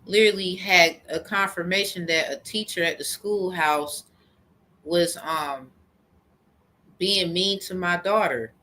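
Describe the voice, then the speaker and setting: A woman's voice: on the low side, unhurried, bright, forceful tone. A woman telling a rambling, profane story in a heated personal rant to camera. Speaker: vlogger.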